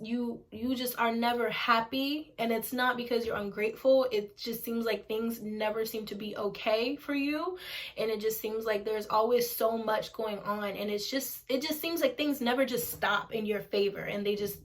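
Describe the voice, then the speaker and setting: A woman's voice: on the high side, fairly bright tone. A woman in her twenties, a single mother, talking candidly to camera at home, frank and informal, swearing and repeating herself for emphasis. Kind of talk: candid casual talk to camera.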